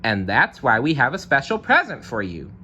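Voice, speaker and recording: A man's voice: mid-range voice, wildly swooping pitch, normal speed, pushed and bright, slight background noise, pitched above the performer's own voice, heavily acted. A man voicing a kind male zebra in a read-aloud storybook, announcing and reassuring in a raised, upbeat voice. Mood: encouraging. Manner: announcing, encouraging.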